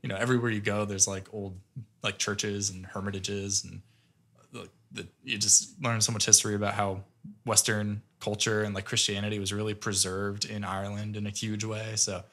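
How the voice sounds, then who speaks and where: Low, bright-voiced male co-host. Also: normal speed. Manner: relaxed, rambling, many fillers. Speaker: podcast co-host. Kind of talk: casual podcast chat.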